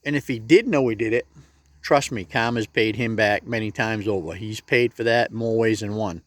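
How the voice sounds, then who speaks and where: A man's voice: fairly low pitch, moderate pace, no room sound. A man talking straight to the camera in a casual motivational vlog, with plain-spoken, folksy advice. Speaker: motivational vlogger.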